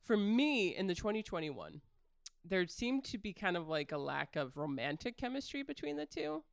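A podcast co-host chatting casually about films, with lots of "like" and "kinda" and some gentle teasing. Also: mid-range voice, very animated, moderate pace, vocal fry, smooth, no room sound, clean studio sound. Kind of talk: casual film discussion.

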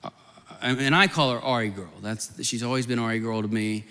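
A man preaches in a large hall to a gathered audience, recounting a personal story with fervor, rambling and restarting often. His mid-range voice is smooth, bright, and forceful, fairly quick with fairly even intonation, and the recording carries long hall reverb.

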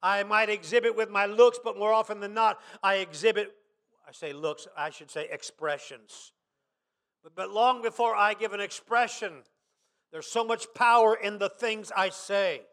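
A man pastor preaching a sermon, dropping quiet, then rising to shouted emphasis. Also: sits high, moderate pace.

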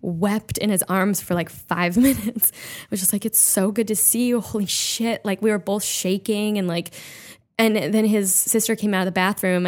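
A woman comedian chatting as a guest. She swears freely and laughs her way through an emotional story. Her voice sits in an ordinary middle pitch. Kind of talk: casual chat.

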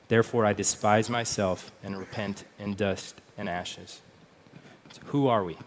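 Guy preaching, lowish voice, chatty, repeats himself, faint room noise behind. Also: steady tone, unhurried. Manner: conversational, repeats words, reads scripture aloud. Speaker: pastor. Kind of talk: sermon.

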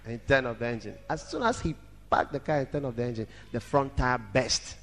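A man preaching a sermon dramatically, shouting at times and breaking into song. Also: brisk, vocal fry, slight background noise. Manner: dramatic, shouting and singing, wide swings in pitch. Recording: echoey hall reverb.

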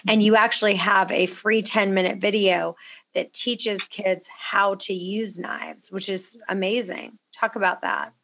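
A woman's voice: medium pitch, steady tone, unhurried, gravelly, fairly bright tone. A woman hosting a podcast, chatting with a guest and telling stories in an upbeat way. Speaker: podcast host. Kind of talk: casual interview chat and read ad.

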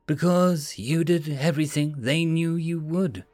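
A man voicing a mocking, shapeshifting female machine envoy who talks slowly and teasingly. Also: fairly high pitch, a little mellow, no room sound, faint music behind, natural voice. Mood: cold. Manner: smug, teasing, slow and deliberate.

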